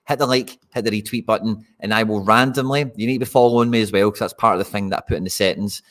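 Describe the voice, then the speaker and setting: A man's voice: on the low side, steady tone, rapid-fire, fairly bright tone. A Scottish man hosting a live fantasy football stream, chatting casually and talking straight to his viewers. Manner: chatty, addresses viewers directly.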